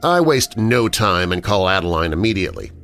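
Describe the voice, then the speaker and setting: A man narrating a first-person horror story in an expressive storytelling manner. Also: deep voice, brisk, soft background music.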